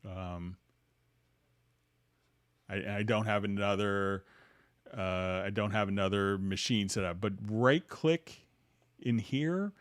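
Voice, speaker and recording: A man with a fairly low voice hosts a casual live tutorial and answers viewer questions on the fly. He talks in loose, halting phrases and restarts often. The sound is dry and close, with no room echo. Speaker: livestream host demonstrating music software.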